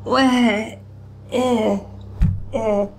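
A woman's voice: fairly high pitch, fairly even intonation, extremely slow, a little hiss or hum. A woman streaming a horror game, reacting with jittery swearing and nervous laughter and reading game text aloud. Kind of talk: live gameplay commentary.

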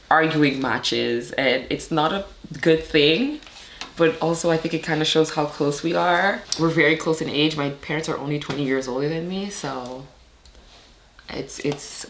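A young woman from Montreal with a slightly hoarse voice, chatting casually to camera in a rambling, filler-heavy way. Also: sits low, a bit bright. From Montreal, Canada. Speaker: vlogger. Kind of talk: casual vlog chat to camera. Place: indoors at home. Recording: echoey room with noise.

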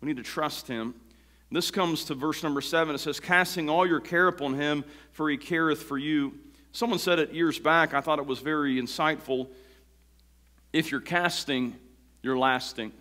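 A man's voice: on the high side, normal speed. A man preaching a sermon as pastor in a folksy, stop-and-start way, sometimes raising his voice sharply. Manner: folksy, repetitive restarts, rises to shouting when acting out quotes. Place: church sanctuary. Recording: long church reverb.

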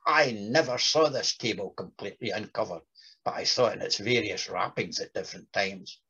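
A man giving a talk on a writer, reading passages aloud with lively voices. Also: lowish voice, brisk, breathy edge, lo-fi sound. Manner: reads quotes with lively voices. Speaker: lecturer.

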